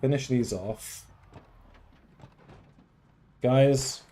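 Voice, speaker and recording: A man hosting a casual game livestream, talking theatrically and swinging from loud outbursts to mock-tender murmurs. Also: medium pitch, extremely slow, slight background noise. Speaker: livestream host. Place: at home.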